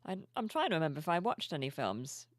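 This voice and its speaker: Low-voiced woman on a live stream, soft and cheery but yawny, dead dry mic. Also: big pitch swings, quick pace, dry recording. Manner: soft-spoken, cheerful, reads chat aloud. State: sleepy, yawning. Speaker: streamer chatting with viewers. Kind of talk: casual live-stream chat. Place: home room with plushies.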